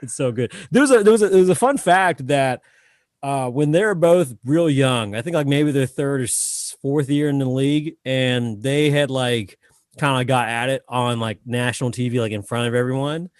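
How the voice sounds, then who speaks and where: A man's voice: medium pitch, moderate pace, no room sound, clean studio sound. A man hosting a comedy podcast, chatty and laughing often. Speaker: podcast host.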